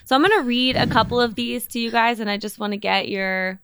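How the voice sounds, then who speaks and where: Woman host reading quotes out and poking fun, crisp clear voice. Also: fairly high pitch, brisk, fairly bright tone, no echo. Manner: playful, teasing. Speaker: podcast host. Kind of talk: casual sports chat, reading quotes aloud.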